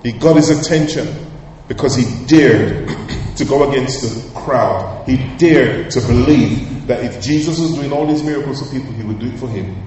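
A male pastor preaching a sermon with emphatic, sometimes loud outbursts. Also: mid-range voice, normal speed, highs cut off, a little hiss or hum. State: coughing, slightly hoarse. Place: large church hall. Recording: echoey hall, heard from far off.

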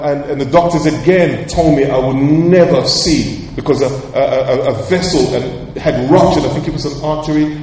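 A male pastor preaching a sermon with emphatic, sometimes loud outbursts. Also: a little high, a little hiss or hum. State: coughing, slightly hoarse. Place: large church hall. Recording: echoey hall, heard from far off.

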